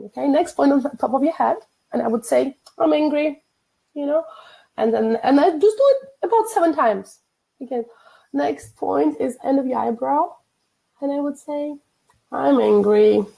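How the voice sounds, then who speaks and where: Gravelly-voiced woman explaining tapping points. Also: a little high, warm tone, poor audio. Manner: instructive, walks through tapping points step by step. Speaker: EFT tapping practitioner. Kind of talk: guest demonstrating a technique.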